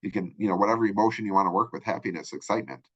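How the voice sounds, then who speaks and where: A man's voice: on the low side, rapid-fire, husky, muffled recording. A male college instructor giving a recorded lecture, explaining in a rambling way with many fillers and restarts.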